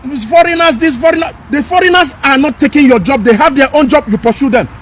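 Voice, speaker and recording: High-pitched man ranting. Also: fast talker, a bit bright, some chatter behind, slight background noise. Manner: emphatic, repetitive, scolding. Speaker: commentator. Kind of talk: impassioned rant.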